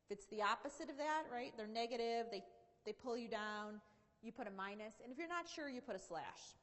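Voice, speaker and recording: A woman's voice: on the high side, lively intonation, brisk, a bit bright. A woman giving a conversational motivational keynote talk at a seminar, often saying "you know". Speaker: keynote speaker. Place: large conference hall. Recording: long hall reverb.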